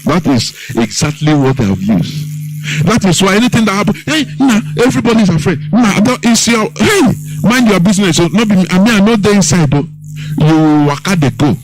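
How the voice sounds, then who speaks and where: Scornful Nigerian man, lively voice. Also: high voice, brisk, soft background music, low-quality recording. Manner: mocking, scornful, mimics others in exaggerated voices. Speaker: host. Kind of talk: political radio commentary.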